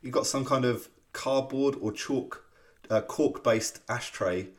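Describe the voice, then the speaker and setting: A man's voice: mid-range voice, slow pace. A man co-hosting a podcast in casual chat, playful and rambling, teasing his co-host. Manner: playful, rambling, often restarts and teases.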